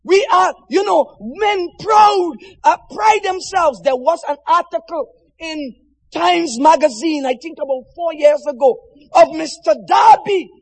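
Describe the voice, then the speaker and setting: A man preaching a sermon with passion, swinging from shouted lines to hushed, quiet ones. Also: very high-pitched, unhurried, big-room sound, low-quality recording. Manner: impassioned, swinging from shouts to near-whispers.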